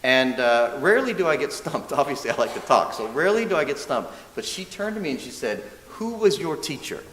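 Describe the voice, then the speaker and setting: A man serving as a minister's assistant gives a dharma talk, telling a story in a lively, self-mocking way and acting out what people said. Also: mid-range voice, fast. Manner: lively, self-mocking storyteller who often laughs and acts out quotes. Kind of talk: storytelling sermon. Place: church hall. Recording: echoey hall with faint hiss.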